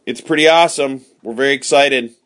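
A man's voice: medium pitch, a little fast, fairly bright tone. A man hosting a casual home podcast, patiently and cheerfully teaching a child new words.

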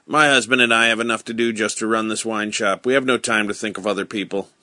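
A man's voice: fairly low pitch, steady tone, fast, sharp tone, no room sound. Curt, cold wine-shop woman, read by a man. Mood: guarded. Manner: curt, guarded replies.

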